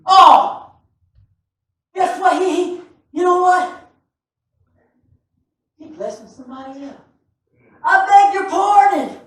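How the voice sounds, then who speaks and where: High-voiced shouting preacher in echoey church. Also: male voice, takes it slowly, long pauses, recorded from a distance. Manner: animated, often shouting, laughing storyteller. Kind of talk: sermon. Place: church sanctuary.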